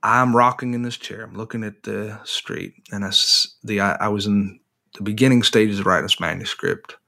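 A bright-voiced man telling a story. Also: lowish voice, normal speed, vocal fry. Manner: animated, self-deprecating storyteller with frequent restarts. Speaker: author guest. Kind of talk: storytelling in an interview.

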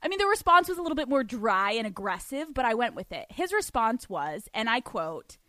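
A young woman hosting a podcast, telling a story in an animated, profane way with lots of laughter. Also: fairly high pitch, brisk, few pauses, no echo. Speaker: podcast host. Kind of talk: storytelling monologue.

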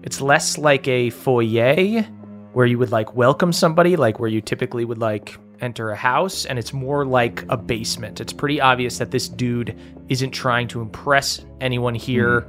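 A man running a tabletop game as game master, narrating in a relaxed way and searching for words as he goes. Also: medium pitch, moderate pace, soft background music.

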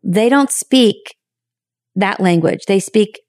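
A woman hosting a podcast, talking in a frank, reflective way with sudden high bursts of emphasis and some casual swearing. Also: takes it slowly, a little mellow, no room sound, clean studio sound. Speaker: podcast host. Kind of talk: candid podcast monologue.

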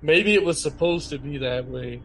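A man's voice: a little high, normal speed, a crowd in the background, poor audio. A man as a podcast guest, chatting casually, exasperated and swearing freely. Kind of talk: casual chat.

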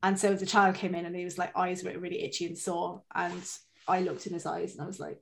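A woman's voice: lowish voice, quick pace, gravelly, few pauses. Chatty, swearing mother. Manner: chatty, swears freely, animated storytelling. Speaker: podcast co-host, mother. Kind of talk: casual chat.

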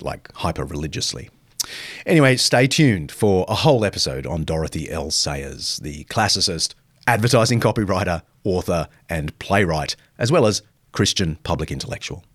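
Expressive male podcast host. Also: mid-range voice, dry recording, studio quality. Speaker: podcast host answering listener questions. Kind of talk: reflective Q&A answers.

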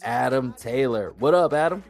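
A man hosting a sports podcast in casual, slangy, energetic chat, laughing often. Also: medium pitch, normal speed, soft background music. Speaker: podcast host.

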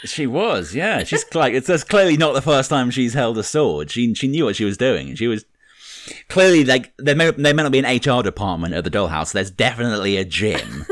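A man's voice: mid-range voice, big pitch swings, a little fast, no room sound, clean studio sound. A man co-hosting a podcast, talking in an enthusiastic, conversational way with many "like"s. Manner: conversational, enthusiastic, says "like" a lot. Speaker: podcast co-host. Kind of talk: casual chat.

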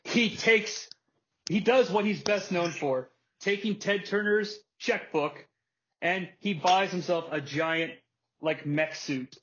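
A man with a husky, fairly high voice talks as a podcast host, spinning an animated story and dropping in quick impressions. The audio is dull and lo-fi. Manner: animated storytelling, acts out wrestler quotes and laughs often. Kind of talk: casual chat.

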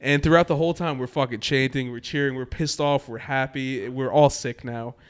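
Animated, profane storyteller from New Jersey. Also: male voice, mid-range voice, moderate pace, smooth. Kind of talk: casual storytelling chat.

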